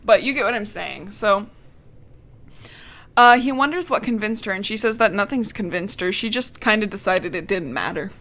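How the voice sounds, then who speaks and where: An expressive woman with a fairly bright, mid-range voice talks at a moderate pace. As co-host of a casual podcast, she goes through a novel's plot sarcastically, cursing and mocking the characters' lines.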